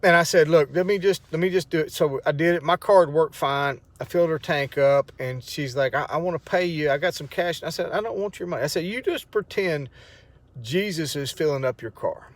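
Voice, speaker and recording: A man's voice: on the high side, brisk, few pauses, no room sound. Emotional man telling a story. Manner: rambling, emotional storytelling with many restarts. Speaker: vlogger sharing a testimony. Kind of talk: casual spoken testimony.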